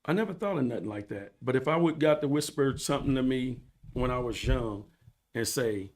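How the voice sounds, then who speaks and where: A man's voice: mid-range voice, lively intonation, fairly quick, a little mellow. A man as a podcast guest, telling his story in an earnest, preachy way and repeating phrases for emphasis. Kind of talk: casual storytelling interview.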